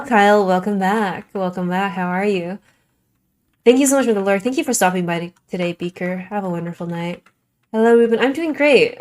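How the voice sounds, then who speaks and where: A young adult woman streaming a game and chatting casually, rambling with lots of "like" in a Valley Girl-ish way. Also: medium pitch. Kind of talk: casual gaming stream chat.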